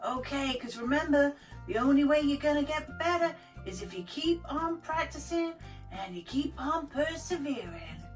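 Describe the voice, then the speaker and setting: A woman's voice: sits high, expressive, moderate pace. A woman voicing a cheerful, encouraging puppet character on a children's show. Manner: upbeat, encouraging. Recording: distant mic, faint background music.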